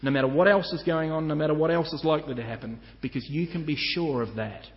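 A man preaching a sermon as pastor, earnest and measured, slowing down to stress each point of a list. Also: fairly high pitch. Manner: earnest, measured preaching with slow emphatic lists. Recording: muffled church hall with long reverb.

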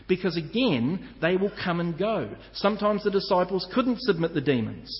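A man preaching a sermon as pastor, earnest and measured, slowing down to stress each point of a list. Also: sits high, sing-song. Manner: earnest, measured preaching with slow emphatic lists. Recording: muffled church hall with long reverb.

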